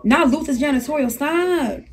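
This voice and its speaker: A woman's voice: sits high, normal speed. A woman hosting a casual live stream, brash and profane, ranting to her viewers.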